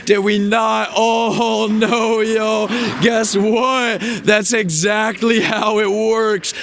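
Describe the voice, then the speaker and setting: A young man ranting angrily at his viewers, swearing, shouting and laughing bitterly. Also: high voice, flat delivery, very slow, slight background noise. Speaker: vlogger. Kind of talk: angry rant to viewers.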